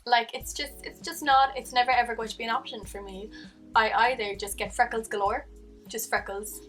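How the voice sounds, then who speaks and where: Chatty Cork Irish woman vlogging. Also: far from the mic. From Ireland. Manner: chatty, animated, acts out quoted voices with jumps in pitch. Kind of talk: casual chat to camera.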